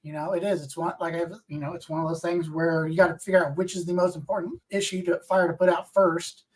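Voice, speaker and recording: A man's voice: a little high, little pitch movement, fast. Roundtable co-host, man, rambling and filler-heavy, slightly distant sound. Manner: rambling, many fillers and restarts. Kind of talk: casual roundtable chat.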